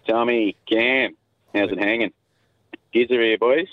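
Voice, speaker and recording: A man's voice: lowish voice, measured pace, no room sound, highs cut off. Man telling a joke by phone. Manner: casual joke-teller. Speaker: caller.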